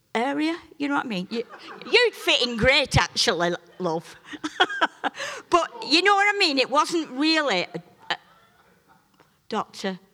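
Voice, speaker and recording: A middle-aged woman preaching a sermon and telling a personal testimony, swinging between loud, emphatic peaks and soft, chatty asides. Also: high voice. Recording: long reverb of a large hall.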